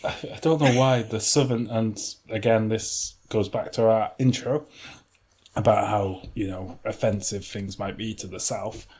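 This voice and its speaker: A man's voice: fairly low pitch, fairly even intonation, a little slow, darkish tone, slightly rough. A man, hosting a podcast in casual chat, laughing often and rambling. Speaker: podcast host.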